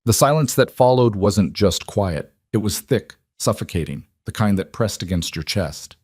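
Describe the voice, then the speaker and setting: A man reading a frontier story as the narrator, steady and measured. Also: fairly low pitch, slightly rough, dry recording, studio quality. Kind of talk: scripted narration.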